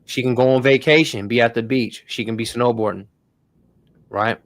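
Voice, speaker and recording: A man's voice: medium pitch, steady tone, normal speed, no room sound. Man, tech stream host, casual, slangy, dry room. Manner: loose, slangy, addresses viewers as y'all. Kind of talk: casual tech tutorial livestream.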